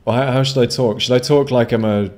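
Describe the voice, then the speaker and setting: A man's voice: mid-range voice, fairly even intonation, quick pace, darkish tone. A man streaming a game live, rambling casually, swearing freely and chatting with his viewers. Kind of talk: casual live gameplay commentary.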